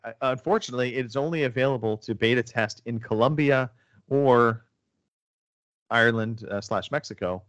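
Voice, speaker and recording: A man's voice: mid-range voice, moderate pace, a bit bright, dry recording, highs cut off. A man hosting a casual gaming podcast, rambling with lots of fillers and restarts. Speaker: podcast host. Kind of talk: casual chat about video games.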